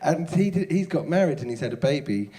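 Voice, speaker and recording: Thirties male comic guest, a touch high, rambling and self-deprecating. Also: sing-song, a little fast, background noise. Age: 30s. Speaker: comedian guest. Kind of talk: casual comic storytelling.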